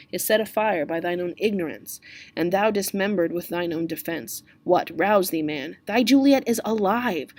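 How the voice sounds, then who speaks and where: A woman's voice: mid-range voice, lightly acted. A woman reading aloud as a stern male friar who lectures a young man. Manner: lecturing, reproachful.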